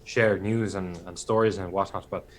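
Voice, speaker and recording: A man playing a tabletop game, speaking in a halting, hesitant way. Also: deep voice, fairly even intonation, a little hiss or hum. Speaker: player.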